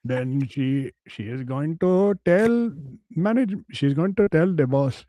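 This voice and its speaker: A man's voice: a little high, very animated, normal speed, darkish tone, no room sound, highs cut off. A man voicing a flustered, prim male office worker who talks in a stiff, overly formal way. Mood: boastful.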